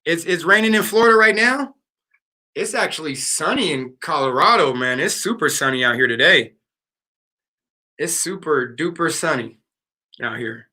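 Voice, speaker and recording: Guy on a live stream, high voice, super bright, joking around with chat in slang. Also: lively intonation, moderate pace, long pauses. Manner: playful, slangy, talks to the chat. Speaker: livestream host.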